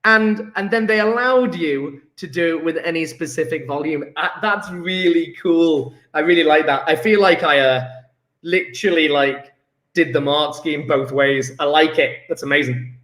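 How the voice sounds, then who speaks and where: A man's voice: fairly high pitch, moderate pace, fairly bright tone. A man, a chemistry teacher reviewing homework in a classroom, chatty and enthusiastic, thinking aloud as he works through answers. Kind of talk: recorded homework review lesson. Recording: echoey room.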